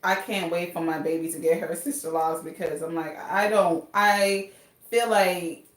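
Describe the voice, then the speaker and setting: A woman's voice: fairly low pitch, a little slow, distant mic. A woman from Jamaica with a Jamaican accent, chatting animatedly as a guest about her hair. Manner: animated, sassy, laughing. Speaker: loctician guest. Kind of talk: casual live-stream chat. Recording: echoey room with faint noise.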